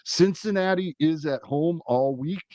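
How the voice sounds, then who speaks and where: A man's voice: on the high side, unhurried, dry recording. Midwestern male podcast co-host, methodical delivery, dry sound. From US Midwest, Iowa-Nebraska border. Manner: steady, methodical run-through of schedules. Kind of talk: fantasy baseball podcast chat.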